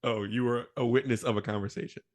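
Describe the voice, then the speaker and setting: A man hosting a gaming podcast in casual chat, laid-back and quick to laugh. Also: mid-range voice, steady tone, a little mellow. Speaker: podcast host.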